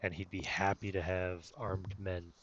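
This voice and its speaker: A man's voice: sits low, little pitch movement, a little slow, fairly bright tone, muffled recording. Laid-back man running a tabletop game. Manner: casual, laughs often, stumbles over numbers. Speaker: game master.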